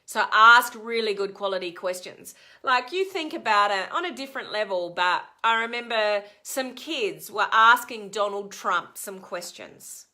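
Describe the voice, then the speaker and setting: A woman giving a live motivational coaching talk to her viewers, energetic and emphatic, acting out the complaints she quotes. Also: medium pitch, unhurried, few pauses. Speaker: life coach.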